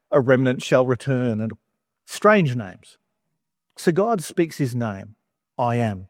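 A man's voice: mid-range voice, a little mellow, no echo, studio quality. A man giving a conversational sermon, chatty and wry, with humorous asides between scripture readings. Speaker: preacher.

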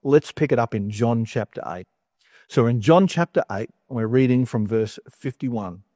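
A man teaching from the Bible in a relaxed, chatty way, with light playful asides between the verses. His voice sits in an ordinary middle pitch. It is recorded close and dry, with almost no room sound. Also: moderate pace, dry recording. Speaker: preacher.

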